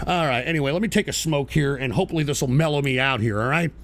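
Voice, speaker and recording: A man's voice: medium pitch, very fast, a bit bright, slight background noise. A man hosting a live political stream, talking in a heated, profane rant aimed at his chat viewers.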